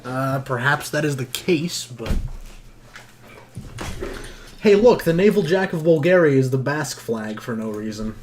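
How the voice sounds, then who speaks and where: A man's voice: mid-range voice, expressive, normal speed, a little hiss or hum. A man streaming while he edits, talking dryly and sarcastically and often dropping to mumbled asides. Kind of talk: casual chat while editing.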